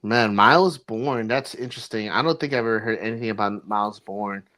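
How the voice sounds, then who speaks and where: A man's voice: lowish voice, fairly quick, pushed and bright. A man co-hosting a podcast, chatting casually, blunt and eager in his reactions and swearing freely. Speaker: podcast co-host. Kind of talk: casual chat.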